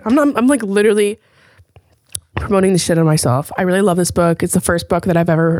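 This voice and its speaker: Woman host just chatting away, swears a lot, tells stories all animated, super dry close sound. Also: medium pitch, fast, dry recording. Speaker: podcast host. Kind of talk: casual chat.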